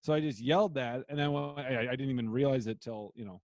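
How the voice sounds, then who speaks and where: A man co-hosting a podcast, telling a story in a relaxed, casual way that often drops quiet. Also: mid-range voice, quick pace, no echo. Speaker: podcast co-host. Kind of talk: casual chat.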